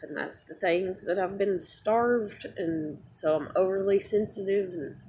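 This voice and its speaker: Low-voiced tired woman ranting in a vlog. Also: darkish tone, a little hiss or hum. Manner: rambling, upset, swearing freely, many fillers. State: just woke up, tired and near tears. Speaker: vlogger. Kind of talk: rambling personal vlog rant.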